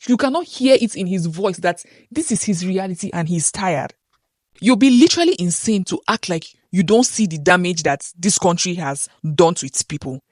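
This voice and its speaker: A woman's voice: on the low side, a little mellow, no echo, studio quality. A woman from Nigeria, hosting opinion commentary in an earnest, insistent way, firing rhetorical questions. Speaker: commentator host.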